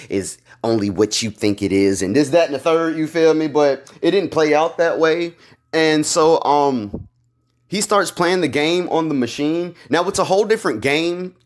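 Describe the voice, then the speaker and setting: A man talking through a TV episode in a loose, excited vlog style. He uses a lot of slang, rambles, and fills his pauses with ums. His voice sits a little higher than most men's. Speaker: video creator recapping a TV episode. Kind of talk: casual theory recap vlog.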